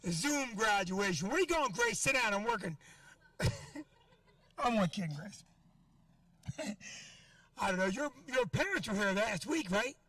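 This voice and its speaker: A man's voice: high voice, expressive, measured pace, pauses often, bright, forceful tone, no room sound, far from the mic. A middle-aged man doing a stand-up set in a comedy club, brash and profane as he teases the crowd. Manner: brash, profane, teasing the audience.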